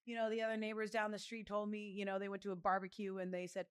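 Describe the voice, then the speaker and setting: A woman in her thirties telling lively stories in a casual interview, acting out other people's voices. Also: fast, clean tone. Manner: animated, acts out other voices with big pitch jumps. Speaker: guest, professional fighter.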